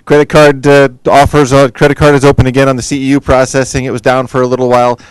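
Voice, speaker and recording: A male host winding down a webinar with casual, friendly announcements. His voice is smooth and clear, recorded dry and close. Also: medium pitch, flat delivery, quick pace, dry recording, poor audio. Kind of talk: wrapping up a webinar.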